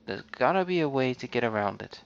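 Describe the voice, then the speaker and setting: A man's voice: medium pitch, lively intonation, a little fast, creaky, smooth. A man hosting a let's play, giving casual gameplay commentary and muttering to himself as he explores. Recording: dull lo-fi recording.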